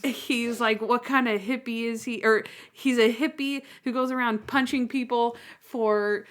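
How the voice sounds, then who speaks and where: A woman's voice: a little high, fairly even intonation, unhurried. A woman co-hosting a podcast in casual chat, rambling through recaps of scenes and quoting lines as she goes. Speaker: podcast co-host.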